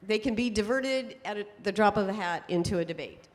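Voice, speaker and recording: A middle-aged woman giving a conference talk to an audience, telling stories in a lively way and laughing often. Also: medium pitch, brisk. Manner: lively storytelling with frequent laughs. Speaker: speaker on temperament psychology. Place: conference hall. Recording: long hall reverb.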